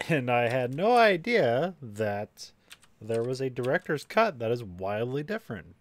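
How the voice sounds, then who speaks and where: A man co-hosting a podcast, chatting casually about a movie, often halting and laughing. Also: mid-range voice, sing-song. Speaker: podcast co-host.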